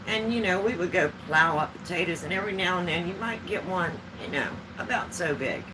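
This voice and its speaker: A woman's voice: lowish voice, animated, a little fast, background noise. A woman vlogger chatting at home, telling homespun stories in a rambling, easygoing way. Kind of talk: casual storytelling chat.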